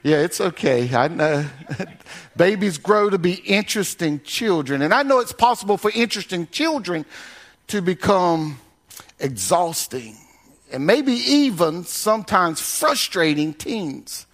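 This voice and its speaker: An older man preaching a sermon as pastor, swinging from loud raised calls to low, soft drops and chuckling along with the congregation in a folksy way. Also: very animated, measured pace.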